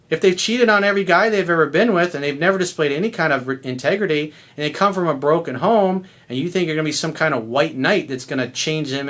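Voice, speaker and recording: A man with a somewhat high-pitched voice delivers a blunt, profane lecture as a dating coach. He talks straight to his audience in a hectoring, no-nonsense way. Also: a bit bright. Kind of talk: ranting monologue to camera.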